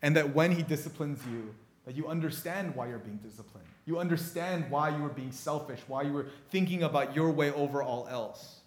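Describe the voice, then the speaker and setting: A man preaching a sermon, telling stories in an animated way and often restarting his sentences. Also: fairly high pitch, fairly quick, hardly any pauses. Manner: animated storytelling with frequent restarts.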